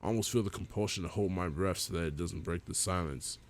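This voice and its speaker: A man's voice: deep voice, quick pace. A young man hosting a gaming video, reading a visual novel aloud in a casual way, swearing and joking as he goes.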